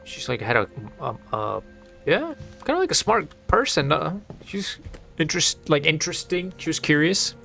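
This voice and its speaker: A man's voice: fairly high pitch, sing-song, moderate pace, creaky, pushed and bright, soft background music. A young man streaming a game, reacting casually and joking as he plays. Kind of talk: live gameplay commentary.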